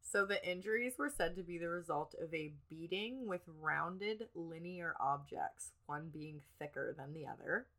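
A woman's voice: on the low side, measured pace, hardly any pauses, sharp tone. A congested woman co-hosting a podcast, going through the details of a true-crime case in casual chat. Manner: narrating case details from notes. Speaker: podcast co-host.

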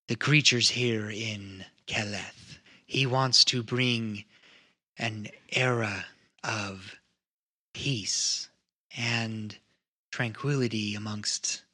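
A man playing a careful male advisor who answers questions slowly and earnestly. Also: mid-range voice, pushed and bright, breathy edge, full character voice. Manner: slow, earnest, deliberate.

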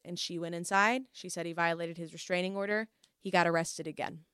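A young woman hosts a casual chat and tells a long, lively story, dropping into quoted voices as she goes. Her voice is bright and forceful with a smooth, crisp tone, and the recording is dry and close. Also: fairly low pitch, brisk, no echo.

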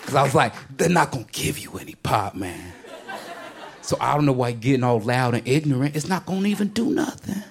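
A man's voice: fairly quick, gravelly. A man doing a stand-up comedy set in a club, telling a story animatedly and acting out the people in it. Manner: animated storytelling, acting out characters, swinging pitch. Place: comedy club stage with a laughing audience. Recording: live club recording with crowd laughter and noise.

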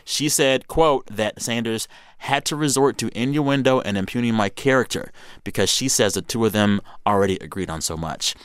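A man hosting a podcast, chatting through the week's news in a playful, animated way and laughing easily. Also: mid-range voice, moderate pace, smooth, no echo, studio quality. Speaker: podcast host. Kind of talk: casual news roundup chat.

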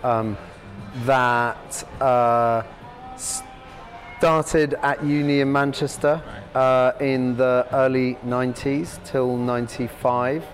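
A man in his fifties spins long, rambling stories as a podcast guest, stopping and restarting mid-sentence before gathering pace again. His voice sits at a middling pitch, and clear music plays behind him. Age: 50s. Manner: rambling and halting, many restarts, animated. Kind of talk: anecdotal storytelling.

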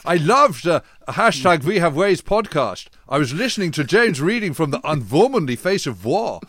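A man puts on a Dutch accent to voice a smooth, sultry male listener, pitched above his own voice. The delivery is a little high, a bit bright, with big pitch swings at normal speed, in clean studio sound with no room sound.

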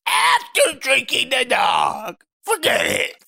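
A woman's voice: high voice, sing-song, takes it slowly, gravelly, pushed and bright, raised voice, exaggerated voice. A woman voicing a lovestruck young girlfriend in a put-on cute, whiny baby-talk voice for an improvised comedy sketch. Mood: sulky.

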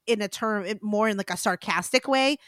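A woman's voice: medium pitch, brisk, a bit bright, no room sound, studio quality. Opinionated woman co-host. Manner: opinionated, filler-heavy. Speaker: podcast co-host. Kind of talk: casual chat.

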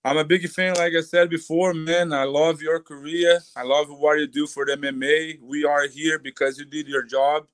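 A man from Brazil with a Brazilian accent, a guest in a casual interview, who talks haltingly, repeats words and thanks people warmly. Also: fairly high pitch, little pitch movement, dry recording. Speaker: guest fighter.

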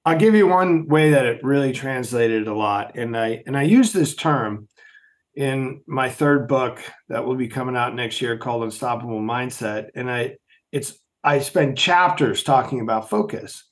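A middle-aged man telling stories as an interview guest, emphatic and animated, often asking rhetorical questions. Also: mid-range voice, moderate pace. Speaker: podcast guest, former Navy SEAL. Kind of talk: storytelling interview.

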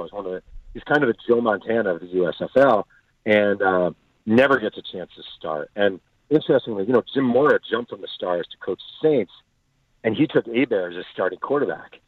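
A man, the author being interviewed, telling stories with energy and acting out the quotes of the people in them. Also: lowish voice. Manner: animated storyteller acting out quotes. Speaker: author and guest. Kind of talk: storytelling interview answers. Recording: tinny phone-line audio, dry.

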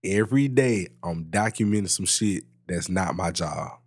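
A man co-hosting a podcast, telling a story about work in a casual, swearing, animated way. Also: moderate pace, breathy edge. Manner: animated storytelling, swears freely, jumps high in pitch when excited. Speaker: podcast co-host. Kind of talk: casual chat.

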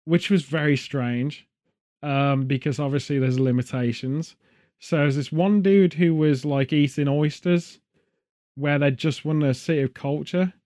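A man's voice: a little high, a little slow, darkish tone. Rambling, joking man. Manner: rambling, jokey, punning asides. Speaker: podcast host. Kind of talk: casual chat.

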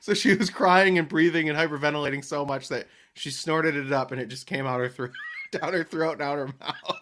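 A man in his thirties, a podcast co-host, telling an animated family anecdote in casual chat and laughing often. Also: a little high, brisk, background noise.

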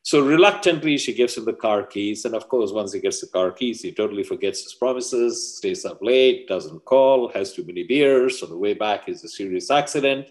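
Low-voiced man teaching through stories. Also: animated. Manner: measured storyteller. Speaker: guest, personal mastery coach. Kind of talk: teaching through parables in a podcast interview.

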